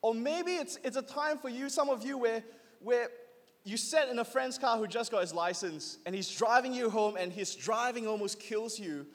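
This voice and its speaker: Youth pastor, man in his 30s, high voice, urges call-and-response; hall reverb. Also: normal speed. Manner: lively, urging the crowd to call back. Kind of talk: sermon.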